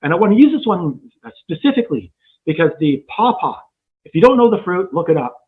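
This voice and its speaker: A man's voice: sits high, big pitch swings, brisk, phone-quality sound. A Canadian man who makes hot sauce, joking bluntly in a casual chat.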